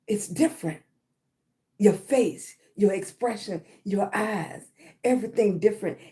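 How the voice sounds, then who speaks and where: The woman has a medium-pitched, dark-toned voice. Talking about self-love in a motivational live stream, she is congested in the chest and clears her throat, repeating herself and often asking "right?".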